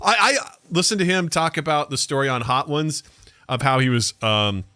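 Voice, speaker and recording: A man's voice: mid-range voice, lively intonation, normal speed, pushed and bright, smooth, no room sound, studio quality. A man co-hosting a podcast, rambling and joking in casual chat with some swearing. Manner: rambling, profane, jokey. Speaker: podcast co-host.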